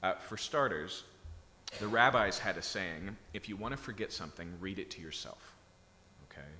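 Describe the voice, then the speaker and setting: A man preaches in a low voice at a normal speed, his tone sharp. He keeps the sermon conversational with frequent check-ins, and the echoey hall recording has a little hiss or hum.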